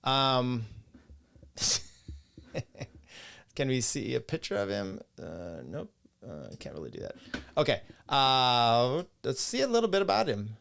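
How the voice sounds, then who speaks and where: Slow and full of long pauses, this middle-aged man's mid-range voice swings widely in pitch, with vocal fry and a fairly bright tone over slight background noise. Hosting his podcast, he reads chat comments and rambles casually, chuckling and swearing as he goes.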